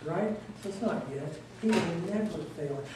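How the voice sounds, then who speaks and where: Joking pastor preaching in an echoey hall. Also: male voice, on the high side, normal speed, noisy background. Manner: folksy and joking, with repeated emphatic words. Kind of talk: sermon. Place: church sanctuary. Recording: echoey church hall, voice from a distance.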